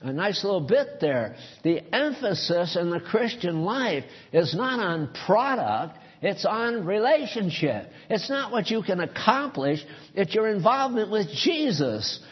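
A man's voice: high-pitched, husky, dull audio. A man preaching a sermon earnestly, pressing his points with rhetorical questions.

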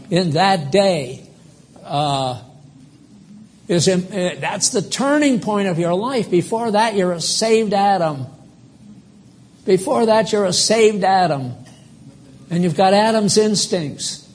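Older male preacher, high voice, unhurried, emphatic, rambling. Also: a little mellow, slight background noise. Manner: emphatic, rambling, quizzes the congregation. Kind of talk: live sermon.

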